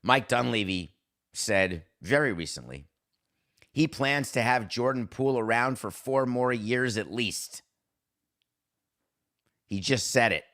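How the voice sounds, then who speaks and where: A sports podcast host talking in a fairly low male voice. He rants with sarcasm and heat, and his delivery stays animated and opinionated throughout. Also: measured pace, pauses often.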